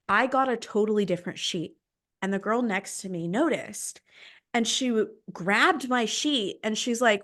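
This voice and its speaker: A young woman hosting a podcast, telling a personal story in an animated, dramatic way. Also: on the high side, moderate pace. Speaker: podcast host. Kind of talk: casual storytelling chat.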